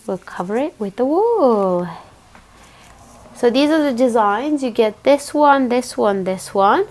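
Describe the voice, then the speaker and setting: A woman hosting a casual unboxing video for a knitting channel, with a hoarse, croaky voice. She chats easily and pauses often to find her words. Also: on the high side, expressive, darkish tone. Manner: chatty, pausing with fillers and restarts.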